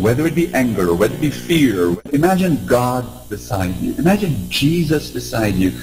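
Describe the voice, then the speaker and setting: A man giving an inspirational talk to a live audience, animated and engaging, asking questions and leading call-and-response. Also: mid-range voice, low-quality recording. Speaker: motivational speaker.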